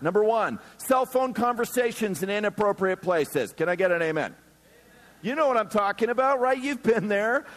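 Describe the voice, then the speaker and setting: A man's voice: sits high, long reverb tail. A man preaching a sermon as a pastor to a few hundred people, joking and acting out the people in his stories. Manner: animated, joking, acts out quoted people. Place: church hall before a few hundred people.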